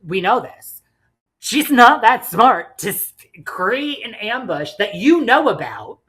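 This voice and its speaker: A woman's voice: fairly high pitch, big pitch swings, takes it slowly, a bit bright. A woman co-hosting a casual podcast, recapping reality TV bluntly and swearing freely. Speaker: podcast co-host.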